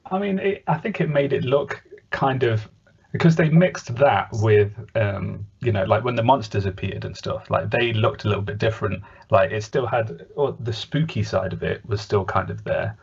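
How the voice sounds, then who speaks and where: Husky low English man, halting podcast chat. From England. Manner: hesitant, halting with restarts. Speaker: podcast co-host. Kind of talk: casual chat. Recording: dull lo-fi podcast audio.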